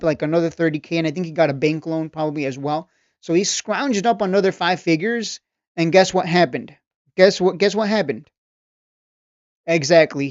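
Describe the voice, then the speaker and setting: A man's voice: fairly high pitch, dry recording. A man coaching stock traders in a casual monologue, preachy and mocking, repeating himself and restarting sentences. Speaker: trading coach and channel host. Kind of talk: casual ranting video monologue. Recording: dull, slightly lo-fi dry recording.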